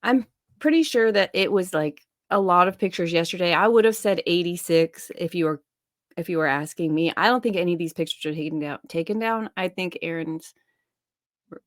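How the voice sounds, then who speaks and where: A woman's voice: lowish voice, fairly quick, no room sound, clean studio sound. Blunt teasing woman hosting a stream. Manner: blunt, teasing, thinks aloud. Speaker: stream host. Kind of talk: casual chat.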